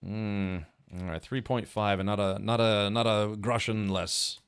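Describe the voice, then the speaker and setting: A man's voice: lowish voice, steady tone, unhurried, clear, resonant tone. A man chatting casually while he streams a game, musing aloud with many fillers. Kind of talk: casual gameplay commentary. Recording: faint game music behind.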